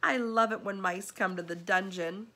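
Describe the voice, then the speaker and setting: A woman's voice: medium pitch, moderate pace. A woman putting on a gleeful cruel rat. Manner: mocking, loud and relishing.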